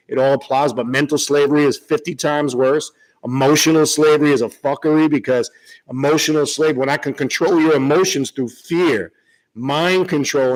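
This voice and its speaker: A man's voice: medium pitch, poor audio. A man hosting his own channel, talking off the cuff in a blunt, profane, rambling way, repeating himself and asking "right?" often. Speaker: occult channel host. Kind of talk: unscripted spiritual talk.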